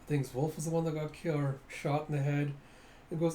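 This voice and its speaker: A man casually reading through a comic, describing the panels in a lively way and acting out the lines. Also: a little high, brisk. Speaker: reader of a comic. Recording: roomy echo, faint noise.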